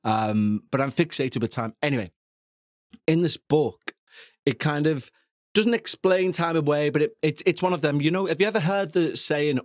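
A man's voice: mid-range voice, dry recording, clean studio sound. A man in his forties hosting a podcast, rambling through a casual review with jokey, self-deprecating asides. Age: 40s. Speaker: podcast host.

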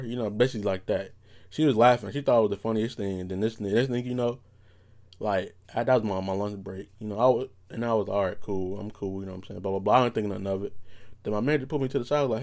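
A man's voice: lowish voice, a little fast. Laid-back young man telling stories. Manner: laid-back, profane, rambling with lots of fillers. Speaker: podcast host. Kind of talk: casual storytelling monologue.

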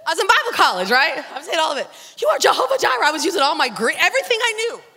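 A woman pastor preaching a sermon, telling a story with dramatic, animated delivery. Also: high-pitched, very fast, some chatter behind. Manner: animated, dramatic retelling with acted-out prayers and voices. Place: church sanctuary. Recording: long church reverb.

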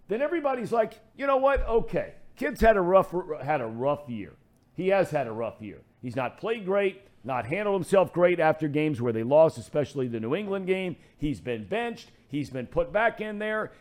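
A middle-aged man hosting a sports talk radio show, ranting in a fired-up way. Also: fairly high pitch.

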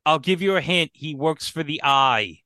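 Male podcast co-host, slightly high voice, joking and quizzing his partner, dry close recording. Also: normal speed, bright, forceful tone, no echo. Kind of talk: casual podcast chat.

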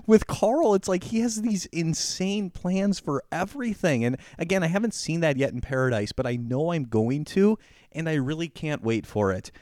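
A man co-hosting a podcast in casual chat, animated and laughing often as he acts out quotes. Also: on the high side, normal speed, no echo, clean studio sound. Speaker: podcast co-host.

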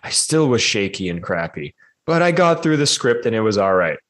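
A man with a fairly low voice tells his story as a guest on a podcast. He talks with animated energy and acts out the other people in it. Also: moderate pace. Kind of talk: casual storytelling in a podcast interview.

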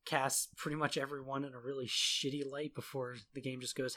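A man's voice: medium pitch, little pitch movement, brisk, bright, forceful tone. A young man co-hosting a podcast in casual chat, swearing freely, laughing often and restarting his sentences. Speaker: podcast co-host.

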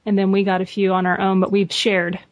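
A woman's voice: mid-range voice, completely flat delivery, a little fast, no room sound. A woman co-hosts a podcast in casual chat and thanks listeners in a friendly way. Her voice sounds dry and close. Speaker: podcast co-host.

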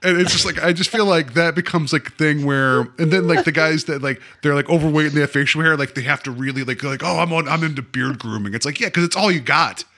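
A man's voice: a little high, fast, hardly any pauses, sharp tone. A man in his mid forties, a podcast co-host rambling in casual chat with lots of fillers and self-deprecating jokes. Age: 40s.

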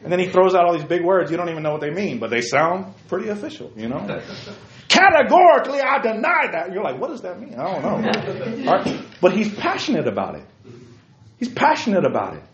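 A man hosting casual opinion talk, emphatic, swinging from quiet explaining to loud bursts. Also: fairly high pitch, very animated, a little fast, a crowd in the background. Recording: roomy, dull lo-fi sound.

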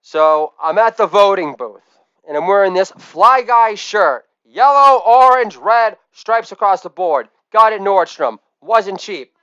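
On his comedy podcast, a middle-aged man lurches from quiet mumbled asides to bellowed catchphrases in a crude, deadpan monologue. The pace is measured and the voice smooth, on a lo-fi recording with no echo.

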